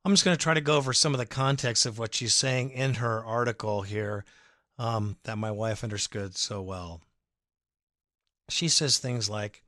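A man hosts a sports fan podcast, speaking with a bright, forceful edge straight into a close, dry mic. He rallies and rants with sarcasm and sudden loud bursts of emphasis. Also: on the low side, normal speed, dry recording. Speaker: podcast host. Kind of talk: fired-up fan podcast monologue.

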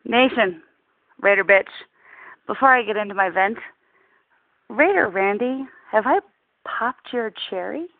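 A woman's voice: medium pitch, animated, measured pace, vocal fry, pauses often. A woman calling in with a heated, profane, rambling fan rant. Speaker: caller leaving a fan rant. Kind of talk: voicemail rant. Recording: tinny phone line.

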